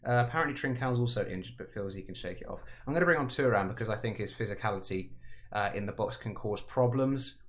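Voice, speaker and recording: A man with a lowish voice talks through a football management game in a loose, conversational way. He rambles, corrects himself and pokes fun at his own remarks as he goes. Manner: chatty, self-mocking, rambling asides. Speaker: gaming commentator. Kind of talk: casual game commentary.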